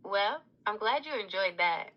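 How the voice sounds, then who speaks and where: A woman's voice: mid-range voice, lively intonation, moderate pace, lo-fi sound. A female AI assistant voice answering politely and earnestly, sometimes borrowing a folksy drawl. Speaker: AI chat assistant. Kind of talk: AI voice answering on a livestream.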